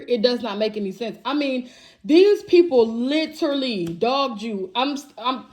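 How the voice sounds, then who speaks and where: Wanita pembaca tarot yang blak-blakan dan kasar. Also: female voice, on the high side, animated, normal speed, a little mellow. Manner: blunt, profane, emphatic, addresses viewers as y'all. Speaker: tarot reader. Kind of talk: channeled tarot reading to camera.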